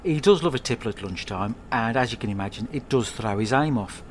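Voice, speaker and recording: A man hosting a podcast, telling a comic monologue at home in a rambling, sweary, deadpan way. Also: mid-range voice, fairly quick, slight background noise. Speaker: podcast host.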